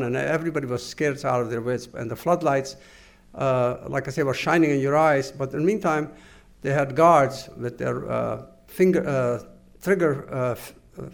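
An older man gives earnest, measured oral history testimony. His voice has a gravelly, creaky texture at a middling pitch. He speaks haltingly, pausing and restarting as he searches for words. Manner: halting, full of pauses and restarts. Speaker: interviewee.

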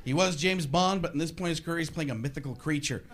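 A man doing a stand-up comedy set, animated and bouncing between asides and impressions. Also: fairly high pitch, fast. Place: comedy stage before a live audience. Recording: live club recording with crowd and hiss.

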